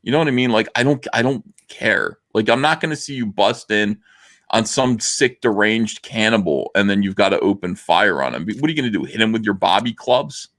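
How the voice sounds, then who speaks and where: A man's voice: lowish voice, expressive, a little fast, fairly bright tone. A man from the US hosting a livestream, ranting sarcastically in a comment-reading commentary. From United States. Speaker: livestream host.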